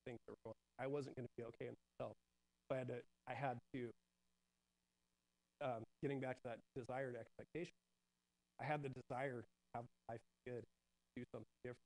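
A man sharing a personal testimony at a church service, earnest and halting, with many restarts and fillers. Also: mid-range voice, fairly even intonation, darkish tone, poor audio.

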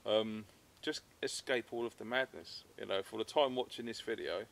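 A man's voice: on the low side, normal speed, gravelly, a bit bright. A British man hosting an outdoors channel, chatting casually and laughing while relaxing in a hammock in the woods. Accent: British English. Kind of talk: casual chat to camera.

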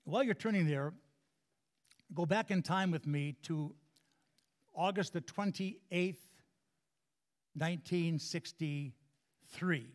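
Folksy preacher man, slightly high voice. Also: slow pace, pauses often. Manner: folksy storyteller, repeats and restarts words, chuckles at own jokes. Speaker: guest preacher. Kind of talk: sermon with a humorous story. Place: church before a congregation.

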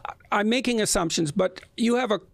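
A man hosting an interview conversation, speaking haltingly and repeating words as he thinks. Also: high voice, vocal fry, no echo. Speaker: podcast host.

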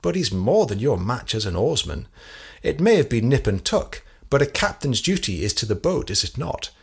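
A man's voice: mid-range voice, sing-song, vocal fry, husky, exaggerated voice. A man doing a cold, probing English detective. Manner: measured, relentless questioning. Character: cool, probing male detective, middle-aged.

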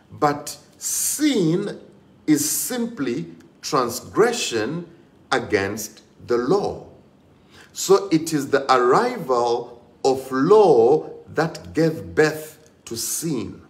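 A man's voice: medium pitch, reverberant. A man preaching a sermon with emphatic, repetitive delivery and rising exclamations.

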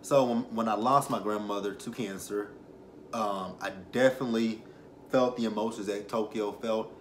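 A man's voice: fairly low pitch, steady tone, normal speed, a little hiss or hum. A young man reviewing a reality show, rambling and self-correcting as he tells emotional personal stories. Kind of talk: casual commentary with personal stories.

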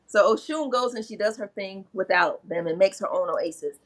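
A woman's voice: medium pitch, normal speed. A middle-aged woman, a spiritual practitioner, earnestly retelling sacred myths in casual conversation. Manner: earnest, retells myths and slips into quoted voices.

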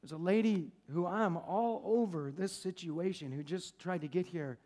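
A man preaching as a pastor, telling a story in a lively, conversational, jokey way. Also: high voice, moderate pace. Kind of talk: sermon with storytelling. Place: church service.

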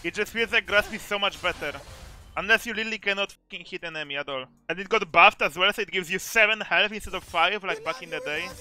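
Bright-voiced man ranting over gameplay. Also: high-pitched, fast talker. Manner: blunt, swearing, ranting. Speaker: streamer. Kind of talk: casual gaming commentary.

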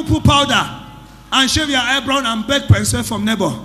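A man's voice: extremely high pitch, normal speed, sharp tone. A man preaching as prophet in a church service, emphatic and exclaiming, questioning his congregation. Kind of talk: sermon with deliverance testimony. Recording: echoey hall, music underneath.

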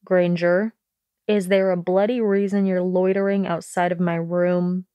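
A woman's voice: lowish voice, little pitch movement, unhurried, warm tone, clean tone, dry recording, lightly acted. A woman voicing a sneering, arrogant young wizard man who talks in a cold, snide, snapping way in an audiobook reading.

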